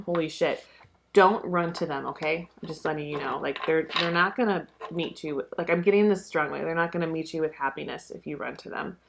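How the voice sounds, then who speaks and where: A young woman talks through a card reading in a loose, rambling way. Her voice sits a little low for a woman, and her talk is peppered with fillers and casual swearing. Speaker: tarot reader.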